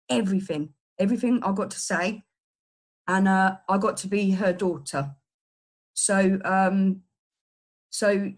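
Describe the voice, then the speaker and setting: A middle-aged woman giving an earnest personal testimony, halting and full of restarts and fillers. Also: medium pitch. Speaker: person in recovery sharing a story.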